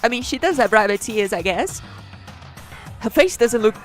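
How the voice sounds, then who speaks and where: High-voiced woman chatting through a game. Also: animated, normal speed, soft background music. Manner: casual, chatty, laughs often. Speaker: streamer. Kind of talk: game let's play, reading dialogue aloud.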